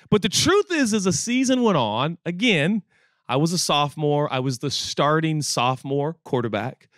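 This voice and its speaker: A male pastor in his forties preaches to his church in an animated, storytelling way. His voice sits a little high for a man and sounds dry and close to the mic. He cracks jokes and acts out old conversations as he goes. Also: fairly quick, no room sound. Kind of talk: sermon. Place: church auditorium with audience.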